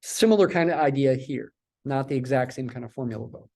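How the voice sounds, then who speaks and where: A man's voice: medium pitch, fairly quick, darkish tone. A man teaching a statistics lecture, stressing points by repeating words and asking and answering his own questions. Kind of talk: recorded math lecture.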